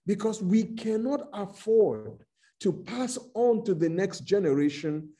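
A Nigerian man delivers a sermon in a high, mellow voice. He speaks slowly and emphatically, drawing out each phrase. His tone is warm rather than bright. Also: sing-song. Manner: slow, emphatic preaching with dramatic retelling. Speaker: preacher.

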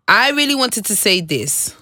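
A woman's voice: mid-range voice, normal speed, no room sound, clean studio sound. A woman, talking candidly and with feeling in a casual chat. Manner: candid, animated, says "bruv" and "I'm telling you". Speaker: guest.

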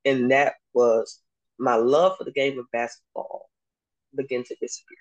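A young adult woman, a basketball coach, telling her story in a casual interview and acting out the dialogue with lively laughs. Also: a bass voice, normal speed, dull audio. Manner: animated, acts out dialogue, laughs often. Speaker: basketball coach and podcast guest.

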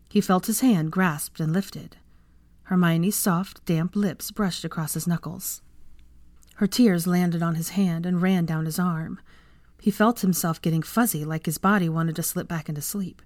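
A woman reading fan fiction aloud as an audiobook narrator, in a measured, even storytelling voice. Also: fairly low pitch, no echo.

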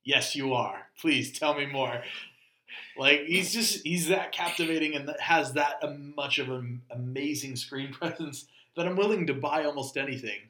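A man co-hosting a casual podcast chat, telling animated stories and slipping into mock impressions. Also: a little high, moderate pace, reverberant. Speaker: podcast co-host.

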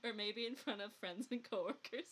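A woman's voice: fairly high pitch, normal speed, fairly bright tone, breathy edge. A woman from the Upper Midwest with a rural Midwestern accent, co-hosting a podcast and telling a story in a chatty, giggly way. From US Upper Midwest, along the Mississippi. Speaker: podcast co-host. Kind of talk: casual podcast chat.

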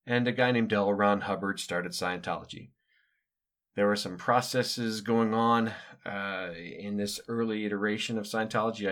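A man's voice: on the low side, fairly bright tone. Wry, digressive middle-aged American man. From United States. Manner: wry, digressive, with offhand asides and hesitations. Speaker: podcast host recounting his upbringing. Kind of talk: casual monologue storytelling.

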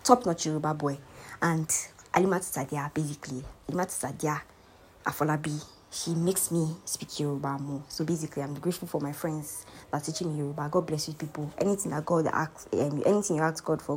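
A woman's voice: low voice, fast, a little mellow, slight background noise. A young Nigerian woman hosting a podcast, speaking earnestly and heartfelt as she encourages listeners to keep faith. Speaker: podcast host. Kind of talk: motivational faith talk.

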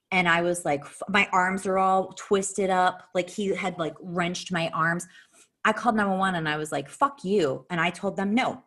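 A woman telling a personal story in casual talk, blunt and profane, her voice jumping sharply in pitch. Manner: animated, with sharp jumps in pitch.

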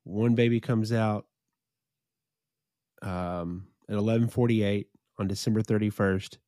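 A middle-aged man co-hosting a podcast, telling stories in a relaxed, chatty way. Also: lowish voice, unhurried, no room sound, clean studio sound. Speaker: podcast co-host. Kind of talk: casual storytelling chat.

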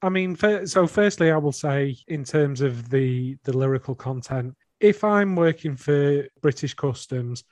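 A man's voice: fairly high pitch, animated, measured pace, few pauses, darkish tone, dry recording. Hesitant male co-host, dry close sound. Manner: hesitant, repeats words, defends his points. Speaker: podcast co-host. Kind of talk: casual chat reviewing an album.

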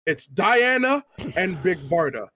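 A man co-hosting a podcast in casual chat, excitable, laughing and repeating himself. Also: high-pitched, a little slow, dry recording. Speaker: podcast co-host.

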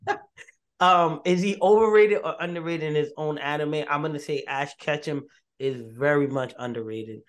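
A man hosting a podcast in casual chat, getting excited and repeating himself as he works out his point. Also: a little high, moderate pace. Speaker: podcast host.

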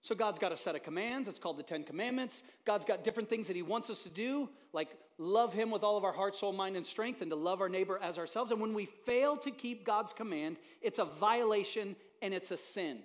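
A man's voice: high-pitched, fairly quick, hardly any pauses. A man preaching a casual, joking sermon as pastor, chatting with the congregation from the stage. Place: church auditorium.

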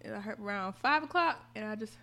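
A young adult woman in casual podcast chat, telling stories in an animated, profane way. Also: medium pitch, quick pace, gravelly. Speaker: podcast co-host.

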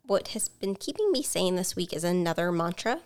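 A woman's voice: on the low side, sing-song, normal speed, a little mellow, smooth. A woman co-hosting a casual podcast chat, talking in a hesitant, meandering way with many fillers. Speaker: podcast co-host.

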